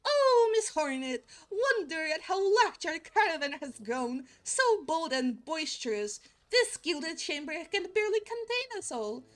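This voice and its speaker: A woman voicing a grand, formal male flea caravan leader, reading his lines slowly and theatrically in a video game. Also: very high-pitched, sing-song, a bit bright, heavily acted. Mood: stately. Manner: theatrical, slow and stately reading.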